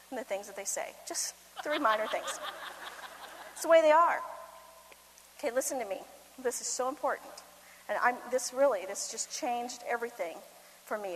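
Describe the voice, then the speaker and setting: High-voiced woman speaking in a reverberant hall. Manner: animated storytelling, acts out quotes, sudden loud bursts. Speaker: conference speaker for mothers. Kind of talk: humorous motivational talk. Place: conference hall. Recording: long hall reverb, faint background noise.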